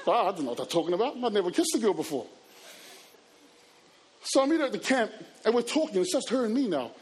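A man telling personal stories to a live audience, animated and acting out scenes and voices. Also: high voice, fast, some chatter behind. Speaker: youth speaker. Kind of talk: storytelling talk to an audience.

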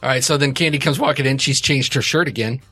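A man narrating as game master in a relaxed, loose way, laughing often. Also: medium pitch, fast, husky, no room sound.

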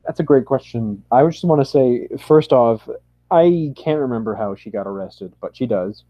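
A man's voice: mid-range voice, moderate pace, dry recording, lo-fi sound. A man talking as a guest on a casual podcast, hesitant with many ums, sometimes humming a melody.

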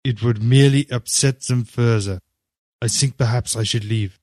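A man voices an earnest, idealistic seventeen-year-old boy who speaks politely and formally, in a sad mood. His medium-pitched, darkish voice is pitched above his own yet stays close to an everyday voice, at normal speed. The recording is studio quality with no echo.

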